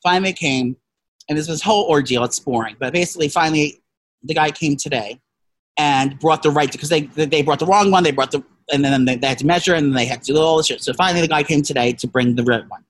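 A casual, profane storyteller who rambles with many restarts and shouted quotes. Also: male voice, fairly high pitch, fast talker, dry recording. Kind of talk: casual chat.

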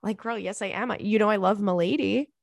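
A woman's voice: mid-range voice, a little fast, vocal fry, no echo, clean studio sound. Blunt young woman podcast host. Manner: blunt, candid, swears freely. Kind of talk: casual advice chat.

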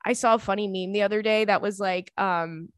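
A woman hosting a podcast in casual chat, an animated, chatty storyteller who breaks into playful squeals. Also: medium pitch, fairly quick, clean tone, dry recording, clean studio sound. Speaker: podcast host.

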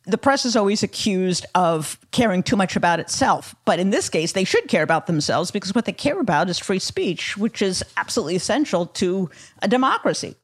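A woman's voice: mid-range voice, lively intonation, fairly quick, few pauses, slightly rough. A woman hosting a political podcast, talking in a wry, emphatic way. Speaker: podcast host. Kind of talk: conversational podcast interview.

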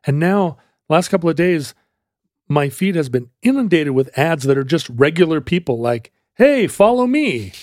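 A man's voice: a little high, moderate pace, no room sound, clean studio sound. A man co-hosting a podcast who tells a history story in a casual, rambling, jokey way with many fillers.

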